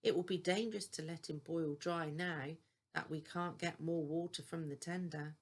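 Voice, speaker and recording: A woman's voice: low-pitched, steady tone, normal speed. An older woman voicing a male train driver who speaks urgently in a storybook.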